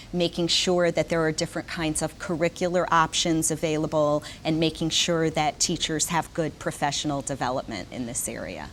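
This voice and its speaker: A woman speaking as an education expert on a panel, listing points in a measured way. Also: sits low, a little hiss or hum. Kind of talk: panel discussion.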